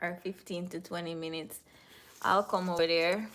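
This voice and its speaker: A woman's voice: on the low side, steady tone, normal speed, fairly bright tone. A Jamaican woman hosting a live stream, chatting casually and answering viewers in the chat. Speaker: livestream host.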